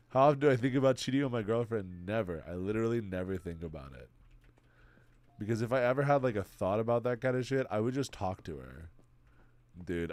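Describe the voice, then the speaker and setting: A man's voice: medium pitch, a little mellow, dry recording. Stuffy-nosed young man from Texas. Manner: profane, laughing, rambling. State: stuffy nose. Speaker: livestreamer. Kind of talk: casual stream chat.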